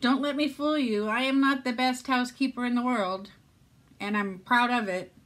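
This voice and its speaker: A woman's voice: on the high side, moderate pace, a bit bright. Chatty older woman vlogging from home. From Southern California. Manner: chatty, rambling, self-mocking. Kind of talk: casual chat to camera. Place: at home, seated. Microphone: phone or camera.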